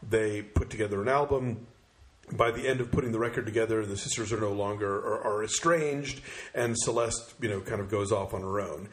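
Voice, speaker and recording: A man's voice: fairly low pitch, a little fast. Opinionated man reviewing films. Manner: blunt, opinionated, many ums and uhs. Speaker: film critic co-host. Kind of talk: casual film review chat.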